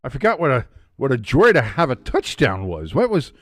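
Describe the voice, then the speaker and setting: Reacting and reading viewer comments aloud, this live stream host runs a casual sports watch-along with an excitable voice that rises and falls sharply in pitch. His delivery is a little fast, and the audio is close and dry without any room echo.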